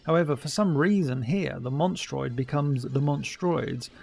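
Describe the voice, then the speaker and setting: Wry man with a gravelly edge. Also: a little high, moderate pace, a little mellow. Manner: wry, chatty, mock-dismissive. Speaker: commentary host. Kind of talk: casual audio commentary.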